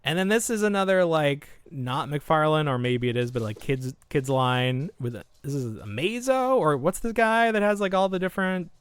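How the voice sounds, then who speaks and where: A man's voice: a little high, normal speed, hardly any pauses, clean tone, dry recording. A man co-hosting a podcast in casual chat, rambling through half-finished thoughts with lots of fillers. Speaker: podcast co-host.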